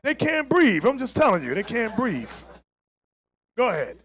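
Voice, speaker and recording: High, animated man lecturing. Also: normal speed. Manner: emphatic, stops the clip to lecture. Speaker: teacher commenting on a clip. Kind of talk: animated commentary over a played clip.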